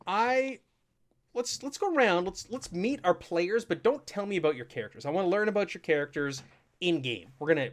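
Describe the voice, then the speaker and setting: Lively, joking game master man. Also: fairly high pitch. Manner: chatty, joking, laughs often. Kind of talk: welcoming players to a live tabletop game stream.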